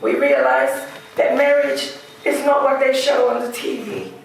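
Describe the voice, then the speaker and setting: Gravelly woman's eulogy. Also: high-pitched, sing-song, a little slow, a little hiss or hum. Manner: heartfelt, laughing through memories. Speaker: widow giving a eulogy. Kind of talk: funeral eulogy speech. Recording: echoey hall, distant mic.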